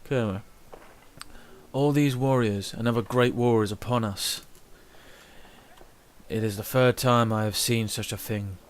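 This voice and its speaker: A man's voice: mid-range voice, steady tone, a little slow, long pauses. A young man chatting casually while streaming a video game, rambling and reading game text aloud. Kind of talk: casual live gameplay commentary.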